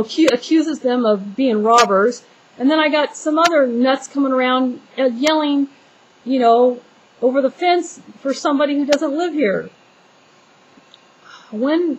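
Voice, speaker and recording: A woman's voice: sits high, a little hiss or hum, low-quality recording. A woman venting in a casual vlog, talking in an exasperated, rambling way with many restarts and fillers. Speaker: homeowner venting to viewers.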